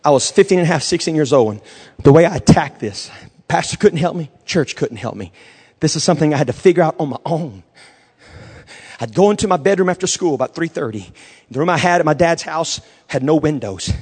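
A man pastor preaching a sermon, moving from quiet storytelling to shouted, fervent declarations. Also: a little high, animated, brisk, slightly rough.

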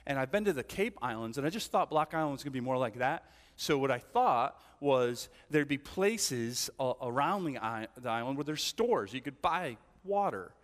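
A man's voice: medium pitch, lively intonation, moderate pace. A man preaching a sermon as a pastor, telling stories in a conversational way and often asking his listeners "right?". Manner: conversational storytelling with frequent "right?" asides. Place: church hall. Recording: long church hall reverb.

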